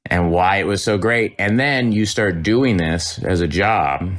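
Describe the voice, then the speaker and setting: Deep-voiced man telling stories eagerly. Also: a little slow. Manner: animated storytelling with restarts and laughs. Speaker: actor guest. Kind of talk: podcast interview anecdote.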